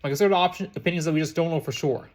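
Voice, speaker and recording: A man voicing a careful, even-handed eleven-year-old girl without raising his pitch. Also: very fast, lightly acted.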